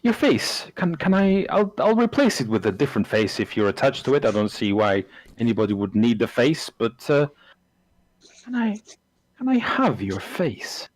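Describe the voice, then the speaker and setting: A man's voice: lowish voice, measured pace, darkish tone, natural voice, rough recording. A man voicing an eccentric, unsettling male abbot who talks in an aloof, hesitant way in a tabletop game. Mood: eerily eager. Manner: hesitant, aloof, then eerily eager.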